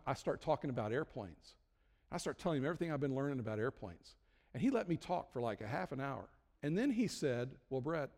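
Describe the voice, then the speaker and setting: Medium-pitched and darkish, this male pastor's voice carries a chatty, self-deprecating sermon full of jokes and frequent restarts. The hall adds a long reverb.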